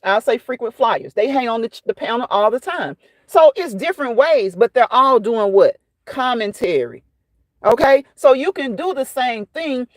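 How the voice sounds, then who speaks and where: A woman's voice: a little high, no echo. A woman hosting a casual livestream, chatting and fussing while she answers viewers by name. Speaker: livestream host reading chat.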